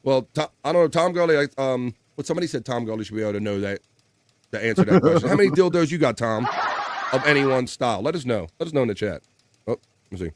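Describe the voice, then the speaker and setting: A man's voice: medium pitch, expressive, fast, a little hiss or hum. A man hosting a casual livestream, reading viewer comments aloud, laughing often and swearing casually. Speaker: livestream host.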